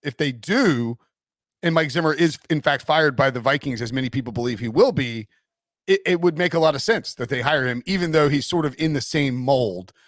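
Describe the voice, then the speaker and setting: A man hosting a casual sports podcast, chatty and quick to laugh as he talks. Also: mid-range voice, a bit bright, no echo, clean studio sound. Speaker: podcast host.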